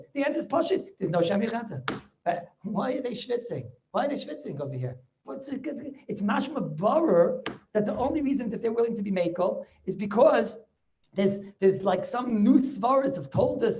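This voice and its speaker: A man teaching a Talmud class over a video call, animated and full of rhetorical questions, mixing Yiddish and Hebrew terms into his talk. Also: very high-pitched. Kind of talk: lively Torah lesson over video call.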